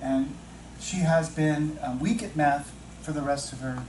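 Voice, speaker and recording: A man leading a teacher-mentoring workshop, chatting with the audience, asking questions and slowing down to stress key points. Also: a little high, darkish tone, a little hiss or hum. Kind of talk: interactive workshop talk. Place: training room with audience. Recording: echoey room, distant mic, faint ambience.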